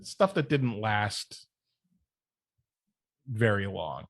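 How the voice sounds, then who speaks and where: A man, a podcast guest, casually telling an anecdote, animated and often laughing as he goes. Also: fairly low pitch, drawn-out words, no echo. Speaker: podcast guest, wrestling manager. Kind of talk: casual storytelling chat.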